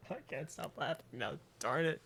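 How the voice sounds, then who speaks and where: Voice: mid-range voice, gravelly, fairly bright tone. A streamer voicing a game live, talking in a giggly, breathless, self-mocking way. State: in a laughing fit.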